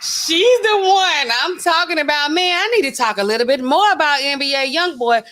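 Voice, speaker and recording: Woman streamer rambling to her chat, kinda high voice, loose and animated. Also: moderate pace, slight background noise. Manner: chatty and animated, talks straight to her chat. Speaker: livestream host. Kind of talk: casual livestream commentary.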